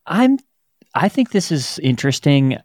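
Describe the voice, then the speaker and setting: A man's voice: fairly high pitch, sing-song, a little slow, a little mellow, no echo. An actor playing a wary, bemused co-host who talks hesitantly and stumbles over his words, on an improvised comedy podcast.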